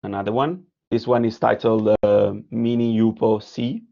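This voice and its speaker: A man's voice: fairly low pitch, fairly even intonation, normal speed, vocal fry, muffled recording. A man with an Italian accent giving a lecture on his art, moving through slides and reading part of a story aloud, hesitant, with many fillers and restarts. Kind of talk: lecture presenting slides, partly read aloud.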